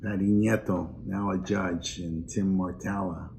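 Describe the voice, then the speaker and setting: An older man giving a personal, earnest introduction speech at an awards event, pausing with fillers as he reminisces. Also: deep voice, fairly even intonation, creaky, a little mellow, a little hiss or hum. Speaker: award presenter.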